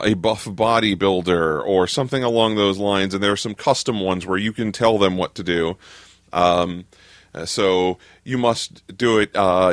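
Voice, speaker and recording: Give me a lower-voiced man walking through rules on a podcast, halting with fillers, close and dry. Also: fairly bright tone, no room sound. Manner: explains rules with many fillers. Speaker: podcast co-host. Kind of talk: casual podcast chat.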